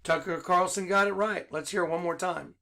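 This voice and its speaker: A middle-aged man with a high voice preaches into the camera in an excited monologue. He talks insistently, firing rhetorical questions and hammering the same points again and again. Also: a little fast, vocal fry. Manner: insistent, rhetorical, repeats himself. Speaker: online preacher.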